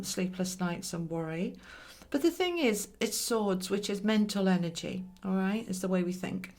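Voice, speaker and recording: A British woman doing a monthly tarot reading, chatty and reassuring as she draws cards and talks to them. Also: mid-range voice. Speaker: tarot reader.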